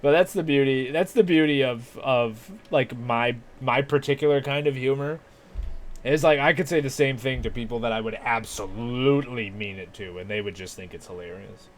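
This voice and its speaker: A man's voice: mid-range voice, normal speed. A man chatting casually while he streams a video game, rambling, swearing and mocking himself. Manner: rambling, profane, self-mocking. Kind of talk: casual livestream gaming chat.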